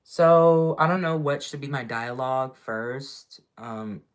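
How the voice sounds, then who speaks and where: A woman's voice: very deep voice, takes it slowly. A woman streaming casually, rambling with many fillers and talking to her viewers. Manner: repeats herself, trails off mid-sentence. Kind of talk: casual live-stream chat.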